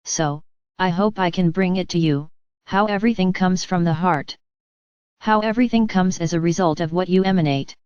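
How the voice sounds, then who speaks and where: A woman delivering a channeled spiritual message, speaking gently and patiently to her listeners. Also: fairly low pitch, moderate pace, clean tone, no room sound, muffled recording. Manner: gentle, patient, addresses listeners as dear ones.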